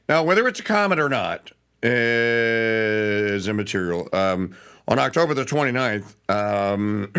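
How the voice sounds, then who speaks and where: Man, talk show host, live radio chat, rambling, bright voice, mid pitch. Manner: rambling, self-correcting, conversational.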